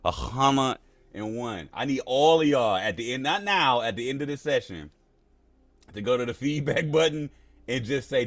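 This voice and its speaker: A man's voice: mid-range voice, expressive, brisk, dry recording. A man hosting a live crypto stream in a casual, playful, slangy way, laughing often.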